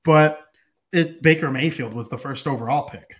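A man's voice: fairly high pitch, normal speed, a bit bright. A young man hosting a casual sports podcast, talking in a rambling, joking way. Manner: rambling, jokey. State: hiccups. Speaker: podcast host.

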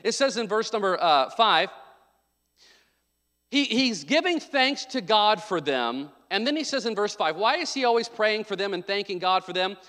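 Male pastor, high-pitched, conversational and humorous, builds to emphatic preaching; long hall echo. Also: expressive, moderate pace, sharp tone. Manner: chatty, joking asides turning into emphatic preaching. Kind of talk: sermon.

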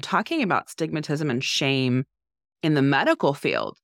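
A woman's voice: sits low, moderate pace, no room sound, studio quality. A woman, a podcast co-host and mental health therapist, talking candidly in casual conversation with many "like" fillers. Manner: candid, animated, frequent "like" fillers.

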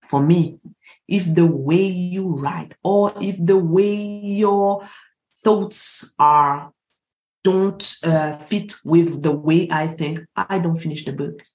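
A woman from France, a mindset coach speaking as an interview guest in earnest, deliberate English. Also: fairly low pitch, a little mellow, echoey room. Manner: earnest, deliberate, slightly non-native phrasing. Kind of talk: interview conversation.

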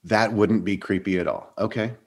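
An upbeat man hosts an interview and laughs often. His voice sits a little low, and he runs through quick quiz questions. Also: fairly even intonation, vocal fry. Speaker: interview host. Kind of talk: podcast interview with quiz round.

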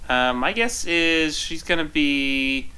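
A man co-hosting a comedy podcast in casual chat, playful and quick to tease. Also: on the high side, pushed and bright, clean tone, poor audio. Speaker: podcast co-host.

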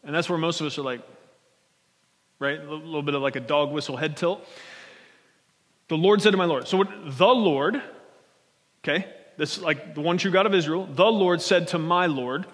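A man's voice: on the high side, normal speed, a bit bright. A male pastor preaching a sermon in a conversational way, often checking in with his congregation. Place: church sanctuary. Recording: long church hall reverb.

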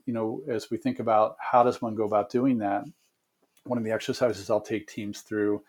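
A man giving long, measured answers as a guest consultant in an interview, with frequent fillers and restarts. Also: mid-range voice, darkish tone.

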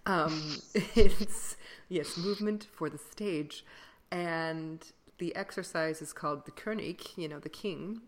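A woman's voice: deep voice, slow. A woman who sings classical music, co-hosting a podcast in casual chat, rambling with fillers and laughing often. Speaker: podcast co-host, classical singer.

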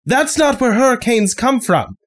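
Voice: medium pitch, animated, moderate pace, pitched above the performer's own voice, natural voice. A game master voicing an exasperated, sarcastic male town sheriff who keeps repeating himself.

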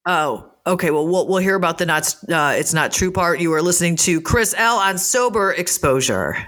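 A man hosting a podcast interview, casual and quick with his interjections. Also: high-pitched, expressive, a bit bright. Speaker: podcast host. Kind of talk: interviewing a guest.

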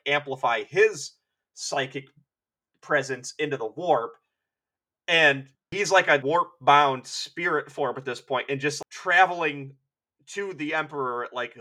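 A man's voice: fairly high pitch, bright, forceful tone. A man co-hosting a podcast, retelling lore in rambling, filler-heavy, profane casual chat. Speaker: podcast co-host.

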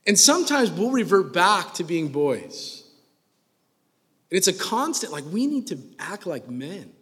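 Joking young preacher in a reverberant hall. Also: male voice, high voice, measured pace. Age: 20s. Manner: joking, conversational preaching with rising excitement. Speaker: pastor. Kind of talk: sermon.

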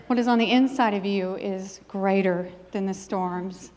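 Preaching a sermon, a middle-aged woman shares her own testimony with an earnest, emphatic rhythm. Her medium-pitched voice is a little slow and darkish, and long reverb hangs on it as in a church hall.

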